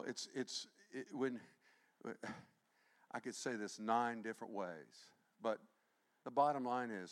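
A man preaching a sermon as pastor, animated and humorous, interrupting himself and swinging from quiet asides to near shouting. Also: on the low side. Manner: self-interrupting with restarts and humor.

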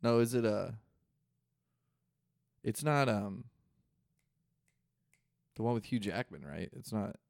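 Young man, co-host energy, loose profane banter, slightly low voice, dry close sound. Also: takes it slowly, creaky, long pauses, a little mellow, no room sound. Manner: loose, profane, full of fillers. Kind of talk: casual chat.

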